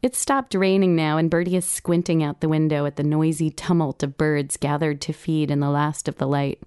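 Low, smooth-voiced woman reading her essay. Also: fairly even intonation, normal speed, no room sound, clean studio sound. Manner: wry, gently humorous storytelling. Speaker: blog writer reading her own entry. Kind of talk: reading a personal essay aloud.

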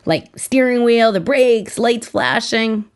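A woman reading out the lines of her excitable little daughter with a piping, sing-song lilt. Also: a little high, slow, smooth, voice pushed up. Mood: excited. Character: excitable, easily frustrated little girl.

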